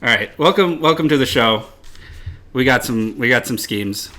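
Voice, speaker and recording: A man's voice: mid-range voice, animated, moderate pace, pushed and bright. A young man co-hosting a comedy podcast, teasing his partner in a dry way. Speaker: podcast co-host. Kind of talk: casual comedic chat.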